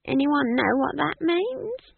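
A reader doing an old witch, high and slow. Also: sing-song, gravelly, no echo, phone-quality sound, exaggerated voice. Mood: curious. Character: old hobbling witch, blunt and practical.

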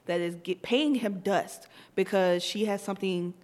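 A woman in her thirties, co-hosting a podcast, telling a story in casual chat with lively acted-out quotes. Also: medium pitch, normal speed. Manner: animated, tells stories with acted-out quotes. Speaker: podcast co-host.

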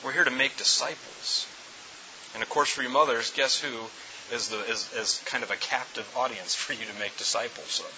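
Middle-aged guy preaching, really bright tense voice, emphatic, keeps repeating himself, dull lo-fi sound. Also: mid-range voice. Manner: emphatic, repeats words and restarts phrases. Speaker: pastor. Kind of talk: sermon. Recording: dull lo-fi recording with faint hiss.

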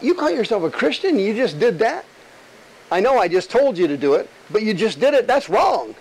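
A preacher, a man, voicing a self-righteous male demon scolding a believer in shrill mock indignation. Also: sing-song, normal speed, a little mellow, a little hiss or hum, rough recording.

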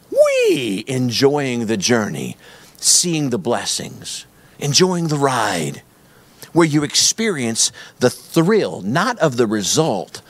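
A man's voice: medium pitch, no room sound. A middle-aged man, a pastor preaching a sermon in an emphatic, repetitive storytelling manner.

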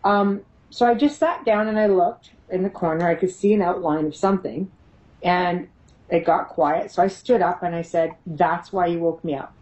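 Middle-aged woman telling lively stories. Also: lowish voice, normal speed, muffled recording. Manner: animated, laughs often, acts out quoted voices. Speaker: guest, paranormal investigator. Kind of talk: casual storytelling in an interview.

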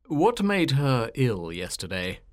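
A woman voicing a calm, gentle male doctor in a storybook reading. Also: extremely low pitch, slow pace, voice pushed down, exaggerated voice.

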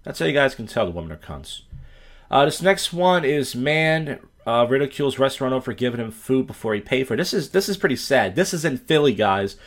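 A man's voice: mid-range voice, expressive, brisk. A man from Philadelphia hosting a podcast, telling stories and giving blunt, profane commentary. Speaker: podcast host. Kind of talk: crude ranting commentary.

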